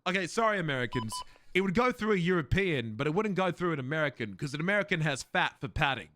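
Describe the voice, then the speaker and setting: A man's voice: a little high, expressive, fast, pushed and bright, no room sound. A man streaming a game role-play and chatting to viewers, swearing, laughing and rambling.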